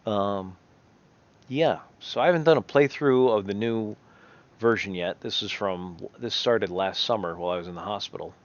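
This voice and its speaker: A gameplay commentator with a lowish voice speaks at normal speed, rambling casually and often correcting himself as he thinks out loud. The audio is dull.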